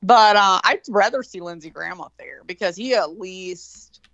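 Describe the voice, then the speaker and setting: A woman's voice: medium pitch, moderate pace, creaky, fairly bright tone, no echo, muffled recording. A woman, chatting casually on a talk show in a blunt, profane, sardonic way. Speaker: co-host. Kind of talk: casual chat.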